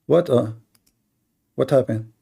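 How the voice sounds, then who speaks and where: A man's voice: medium pitch, slow pace, creaky, dark tone, husky. A man hosting a call-in debate stream, arguing with callers in a mocking, sarcastic way and stumbling over repeated words. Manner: mocking, sarcastic, repeats himself with stammered restarts.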